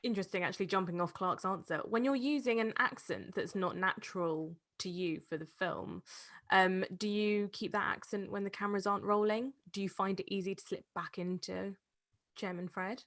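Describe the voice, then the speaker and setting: Female panel moderator, mid-pitched, friendly question reader. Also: moderate pace. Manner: bright, friendly, reads audience questions.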